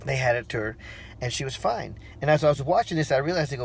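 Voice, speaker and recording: A man in his forties telling a personal story in a relaxed, rambling way, with fillers and restarts, acting out the voices he quotes. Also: mid-range voice, quick pace, creaky, slightly rough. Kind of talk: casual spoken storytelling.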